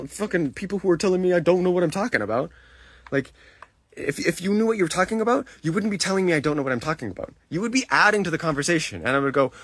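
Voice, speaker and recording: Man, high husky voice, lively pitch, dry sound, angry swearing stream rant. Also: no echo. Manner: furious, heavy swearing, many restarts. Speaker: live streamer.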